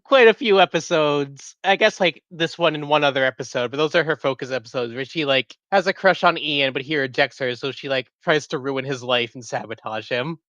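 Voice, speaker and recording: A woman's voice: low voice, brisk, few pauses, fairly bright tone, no echo, dull audio. A woman co-hosting a casual show review, sardonic and swearing, laughing often. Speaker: podcast co-host.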